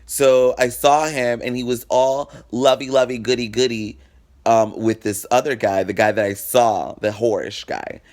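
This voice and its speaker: His voice is medium-pitched and a little mellow, with a steady tone and a slightly slow pace. In casual storytelling for his vlog, he shares a personal story frankly, profanely and dramatically, acting out quoted conversations.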